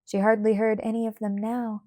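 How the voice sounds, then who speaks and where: A woman narrating a children's storybook aloud, in a measured, gentle way. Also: fairly high pitch, little pitch movement, no room sound, studio quality. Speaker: audiobook narrator.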